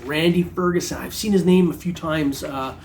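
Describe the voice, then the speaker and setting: Laid-back middle-aged man, slightly high voice. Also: normal speed, gravelly, a little hiss or hum. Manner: laid-back, joking, rambling with many fillers. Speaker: metal detecting vlogger. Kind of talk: casual chat to camera.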